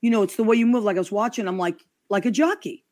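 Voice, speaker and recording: A woman's voice: medium pitch, fast, darkish tone. A woman hosting a casual chat show, gushing and affectionate with her guests. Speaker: host.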